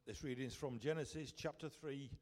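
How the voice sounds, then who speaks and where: A man with a Yorkshire accent reading scripture aloud, slowly and deliberately. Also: medium pitch, a little mellow. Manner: slow and deliberate. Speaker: scripture reader. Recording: echoey hall from far off.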